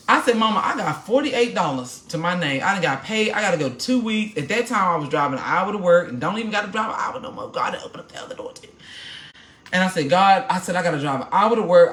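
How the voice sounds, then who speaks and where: A woman hosting a live stream tells a personal testimony like a short sermon, animated and preachy and talking straight to her viewers. Her voice rings in a roomy, echoey space. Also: fairly low pitch. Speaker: podcast host.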